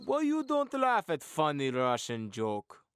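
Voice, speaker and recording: A man voicing a hammy Russian game-show host with a deliberately bad accent and slow, broken English. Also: fairly high pitch, huge pitch swings, clear, resonant tone, no echo, studio quality, heavily acted. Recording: music playing loudly behind.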